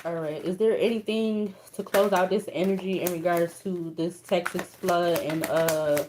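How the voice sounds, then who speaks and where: A woman's voice: on the low side, steady tone, unhurried, darkish tone, a little hiss or hum. A young woman doing a casual tarot reading, reading card meanings aloud in an emotional, colloquial way. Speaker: tarot reader.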